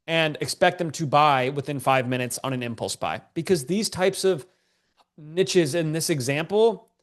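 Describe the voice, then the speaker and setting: Congested man coaching casually, slightly high voice. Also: normal speed. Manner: casual, joking, slangy. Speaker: online business coach. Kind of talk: live-streamed teaching session.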